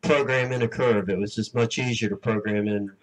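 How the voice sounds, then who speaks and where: A man's voice: lowish voice, steady tone, a little fast. Distant man asking a question from the audience. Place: large conference hall. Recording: distant voice, off-mic.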